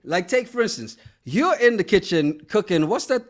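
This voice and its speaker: A man with a high, lively voice that swings widely in pitch. He co-hosts a casual podcast, recapping a reality show with laughter and mock scolding. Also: normal speed. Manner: animated, laughs often, scolds in jest. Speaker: podcast co-host.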